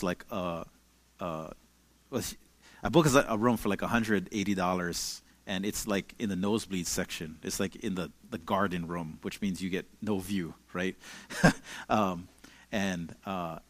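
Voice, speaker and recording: A man's voice: sits low, a little slow, no room sound. A young man, a pastor giving a casual, conversational sermon and telling stories with plenty of "like" and "you know". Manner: relaxed storytelling with many fillers.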